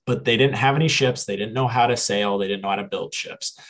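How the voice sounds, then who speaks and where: Low husky guy on a podcast, rambling thru a story, fixing his own words as he goes. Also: brisk, few pauses, poor audio. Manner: rambling, self-correcting, quotes characters in paraphrase. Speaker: podcast co-host. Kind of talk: casual retelling of a story.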